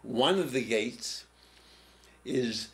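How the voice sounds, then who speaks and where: An older man being interviewed in a TV studio, slowly telling a personal story with pauses and restarts. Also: medium pitch, expressive. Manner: slow, halting, with pauses and restarts. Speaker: interview guest, former prison teacher. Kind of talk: reflective storytelling.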